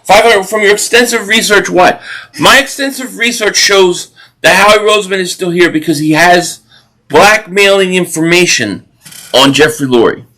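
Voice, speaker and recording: Man, high voice, rambling live-stream chat, restarts sentences, reacts to plays. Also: moderate pace, bright, forceful tone, rough recording. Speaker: live stream watch party host. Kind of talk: casual live-stream chat reading viewer comments.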